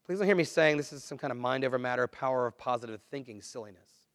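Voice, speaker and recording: A man preaching a sermon, earnest and conversational, swinging between quiet, low asides and louder, emphatic lines. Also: brisk, no room sound, clean studio sound. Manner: earnest, conversational preaching with dramatic dips and swells. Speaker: pastor.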